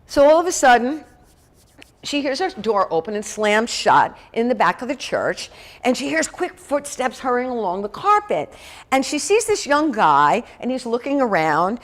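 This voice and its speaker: A woman minister telling a story in a conversational sermon, with lots of "you know". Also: mid-range voice. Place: church sanctuary.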